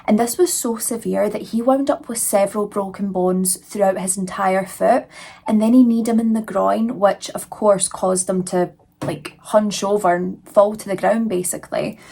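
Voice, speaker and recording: A young woman recounts a true crime case in a loose, chatty way, leaning on fillers and little asides. Her voice has a soft, breathy husk to it, sitting at an ordinary middle pitch. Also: fairly even intonation, normal speed. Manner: chatty, conversational, many fillers. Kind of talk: casual true crime retelling.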